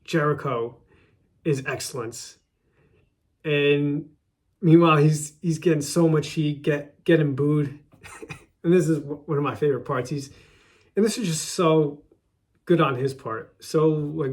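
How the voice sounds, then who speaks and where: A man's voice: fairly high pitch, fairly even intonation, moderate pace, a little mellow. A man hosting his own show, casually recapping a favorite wrestling segment, often repeating and restarting his words.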